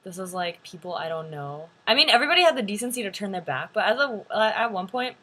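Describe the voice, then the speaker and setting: A woman's voice: mid-range voice, fast talker. A young woman vlogger telling a story to camera in a chatty way, full of "like" fillers. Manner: chatty, animated, many "like" fillers.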